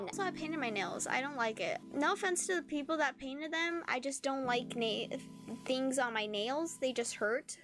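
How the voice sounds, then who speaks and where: High-voiced young woman rambling to camera. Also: normal speed. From California. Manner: rambling, deadpan, self-mocking. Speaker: streamer. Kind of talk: casual solo livestream chatter. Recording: music playing behind.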